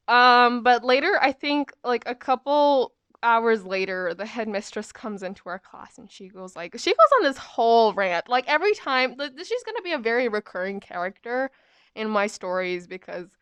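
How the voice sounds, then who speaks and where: A woman's voice: fairly high pitch, fairly bright tone, clear, resonant tone, dry recording. A young adult woman hosting a podcast, rambling through stories in a chatty, casual way with lots of fillers. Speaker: podcast host. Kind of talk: casual storytelling.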